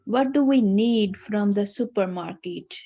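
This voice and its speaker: A woman's voice: mid-range voice, unhurried, mellow. Hesitant woman learner on a video call. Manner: hesitant, careful repetition. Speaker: language learner.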